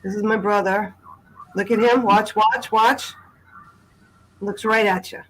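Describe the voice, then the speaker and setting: A woman speaking as a guest on a video call, sharing a personal account in a halting way with many pauses and restarts. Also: mid-range voice, steady tone, low-quality recording. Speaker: guest sharing a family memory.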